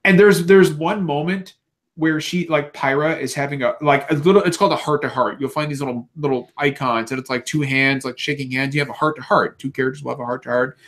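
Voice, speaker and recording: A man's voice: fairly high pitch, fairly even intonation, fairly quick, a bit bright. A man on a casual podcast, ranting animatedly and swearing a lot. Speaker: podcast co-host. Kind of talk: casual chat.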